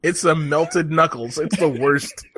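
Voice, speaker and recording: A man co-hosting a podcast in casual chat, animated and rambling, laughing often. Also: a little high, a little slow. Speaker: podcast co-host.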